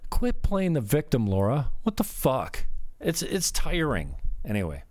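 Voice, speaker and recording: A man hosting his own show, delivering an unscripted rambling rant, cursing often and swinging between low muttering and sharper outbursts. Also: huge pitch swings, measured pace, a little mellow, dry recording, studio quality. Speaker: show host. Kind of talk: unscripted ranting monologue.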